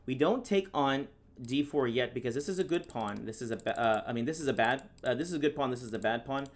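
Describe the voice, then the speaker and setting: A man from the United States commenting live on his own chess games, reading viewer questions aloud and answering in a casual, deadpan sarcastic way. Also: mid-range voice, quick pace. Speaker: chess streamer and National Master. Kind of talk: live-stream commentary while playing.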